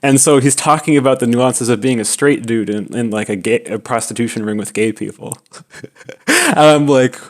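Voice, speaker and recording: Man, game streamer, casual storytelling, rambling, filler-heavy, nervous laughter, mid-pitched voice. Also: steady tone, brisk, hardly any pauses. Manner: rambling, full of "like" and "you know", breaks into nervous laughter.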